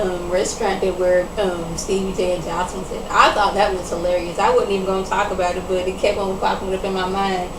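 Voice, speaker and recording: Woman vlogger, mid-pitch, animated reality-show recap, roomy echo, mic a bit distant. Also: background noise. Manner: animated, chatty, acts out quotes.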